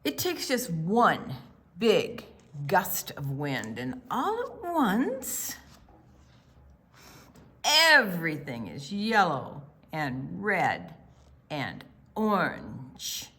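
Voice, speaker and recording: A woman reading a picture book aloud to children, gentle and expressive, dropping to soft whispers at times. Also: lowish voice, very slow, long pauses, breathy edge. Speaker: storytime reader.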